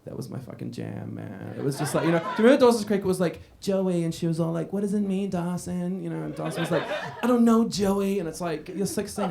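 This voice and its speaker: Here the same kind of set comes through a high-leaning, creaky voice: an Australian comedian in his 30s performing in a club. He needles the audience, swears liberally and laughs along.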